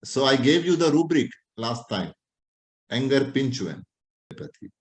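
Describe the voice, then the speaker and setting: A male doctor giving a clinical lecture, animated and teasing as he acts out his examples. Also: mid-range voice, a little slow. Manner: lively, animated, playful teasing. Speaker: doctor teaching a class. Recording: roomy echo.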